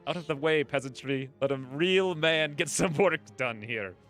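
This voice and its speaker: A man's voice: on the high side, moderate pace, a bit bright, soft background music, lightly acted. A man voicing a cocky male mercenary in a brash, boastful tone while reading a game event aloud. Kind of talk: let's play character reading.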